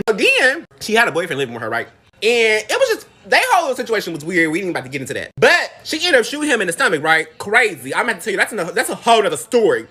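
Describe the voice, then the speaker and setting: A woman's voice: mid-range voice, sing-song, racing, bright, forceful tone, breathy edge. A young woman telling gossip about a former neighbor in a casual storytime.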